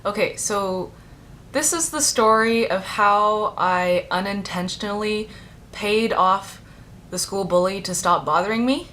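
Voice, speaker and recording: A young woman whose first language is Chinese talks to her vlog audience in a loose, rambling way, stacking up the word "like" as she tells a story. Her voice sits in a middling register for a woman. A faint rumble of noise runs underneath. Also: unhurried, sharp tone. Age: young adult. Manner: chatty and rambling, heavy use of "like". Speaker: vlogger.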